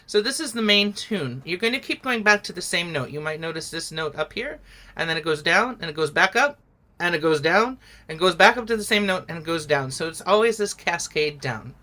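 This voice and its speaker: A middle-aged woman with a bright, forward voice leads a group singing lesson over a video call. She explains patiently, step by step, and cheers people on to join in. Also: on the low side, animated, fairly quick. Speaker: song leader.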